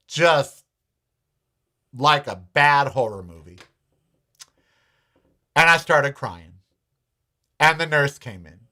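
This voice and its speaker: A man's voice: on the high side, pushed and bright. An American man hosting a show, telling a personal story and ranting bluntly with profanity. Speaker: host. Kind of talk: opinionated monologue.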